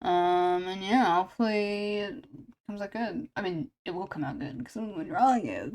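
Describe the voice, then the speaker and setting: A woman talks casually to her stream while she draws, rambling with plenty of fillers and self-deprecating asides. She sounds a little sniffly, and her pitch sits in an ordinary middle range. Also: lively intonation, normal speed. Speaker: streamer drawing live. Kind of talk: casual chat while drawing.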